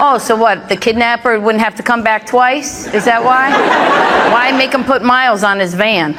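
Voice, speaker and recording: A woman's voice: on the high side, a little slow, very noisy. Brash middle-aged woman comic, roaring crowd. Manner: brash, punchy storytelling with jokes landing to laughter. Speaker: stand-up comedian. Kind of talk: stand-up routine with crowd work. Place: comedy club stage. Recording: live club recording with loud crowd laughter. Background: loud audience laughter.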